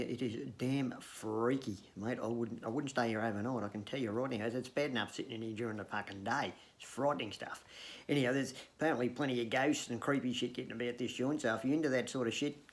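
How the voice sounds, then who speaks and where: Gravelly Australian man spinning profane yarns. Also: medium pitch, quick pace. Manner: profane, joking, laughs at his own gags; hesitant fillers and restarts. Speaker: comedic vlogger. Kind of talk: rambling yarn-telling to camera.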